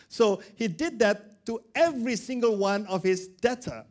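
A man's voice: high voice, measured pace, few pauses. A male pastor preaching a sermon, acting out the characters of a parable. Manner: animated, acts out characters.

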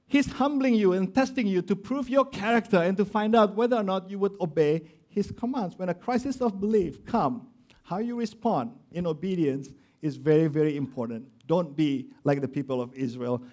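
A man delivers a sermon as a pastor, his voice sitting high for a man. He pushes key phrases out loudly and then sinks to low, hushed tones to drive a point home. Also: normal speed. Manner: preaching with swings from loud emphasis to low quiet stress; acts out quoted voices of grumblers and of Jesus.

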